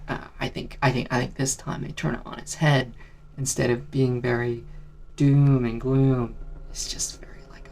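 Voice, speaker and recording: A man casually ranking favourite songs in a rambling vlog, keeping his voice down, swearing and filling pauses with ums. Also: medium pitch, creaky, darkish tone. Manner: keeps voice down on purpose. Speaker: music video creator.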